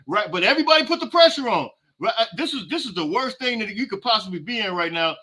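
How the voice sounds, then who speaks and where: Podcast host, male, high-pitched and piercingly bright, ranting in casual slang. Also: lively intonation, quick pace, hardly any pauses. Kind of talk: live halftime reaction with viewer comments.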